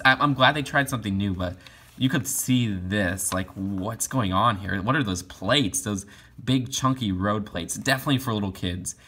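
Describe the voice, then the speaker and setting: Young male vlogger, low voice, loose filler-heavy delivery. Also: a bit bright. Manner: rambling, many fillers and restarts. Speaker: toy collector vlogger. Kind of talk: casual catalog review.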